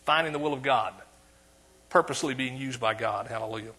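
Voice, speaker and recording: A man with an East Texas accent preaching a sermon in a church, calling for amens and swinging between quiet asides and loud emphasis. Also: mid-range voice, a little fast, husky.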